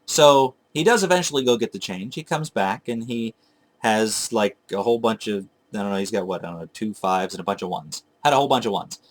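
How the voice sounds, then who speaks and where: A man's voice: lowish voice, expressive, fairly quick. A man telling a long, digressive story about hunting for old video games, chatting casually to his viewers and correcting himself as he goes. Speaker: retro game collector vlogger. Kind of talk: casual rambling storytelling to camera.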